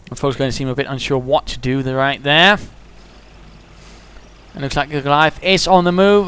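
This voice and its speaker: A man giving chatty play-by-play commentary on a strategy game match, getting excited at the big moments. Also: medium pitch, moderate pace, pauses often, a little hiss or hum.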